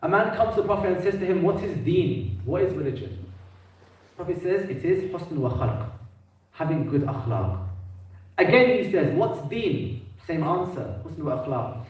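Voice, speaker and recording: A man giving an emphatic mosque sermon, with quick Arabic quotations between his English. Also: high voice, expressive, a little mellow. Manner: emphatic, rising into declamation, quotes Arabic quickly. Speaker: preacher giving a majlis. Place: mosque hall. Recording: echoey mosque hall, mic at a distance.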